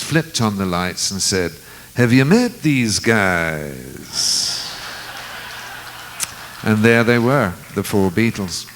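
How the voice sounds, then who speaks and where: A low-pitched man recounts a memory at an easy, reflective pace. He slips into the voices of the people in his story now and then, with a faint hiss under the recording. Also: a bit bright, poor audio. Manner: unhurried, reflective storyteller who acts out quoted lines. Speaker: guest musician. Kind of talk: storytelling anecdote in conversation.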